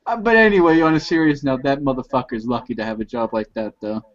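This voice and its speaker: A man's voice: medium pitch, quick pace. Joking man on a muffled video call. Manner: teasing, joking. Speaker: participant in an online chat. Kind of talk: casual joking group chat.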